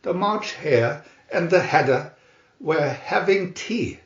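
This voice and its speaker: A man reading a storybook aloud slowly and expressively. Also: a little high, animated. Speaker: storybook reader. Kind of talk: read-aloud storybook narration. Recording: roomy muffled home recording.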